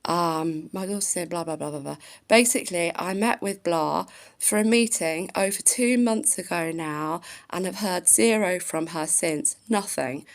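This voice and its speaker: Speaking at a measured pace with vocal fry in a lowish voice, a vlogger who is an adult parent rants casually about a social worker. She swears freely while telling the angry story and reads out a complaint letter.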